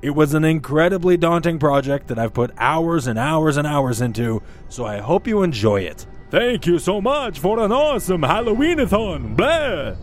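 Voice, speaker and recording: Upbeat man hosting a podcast. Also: a little high. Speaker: podcast host. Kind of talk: casual group chat.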